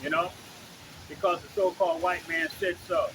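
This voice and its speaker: Man, street preacher, high voice, blunt and profane, emphatic, faint traffic noise. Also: steady tone, moderate pace. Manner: blunt, profane, emphatic, keeps asking okay and you know.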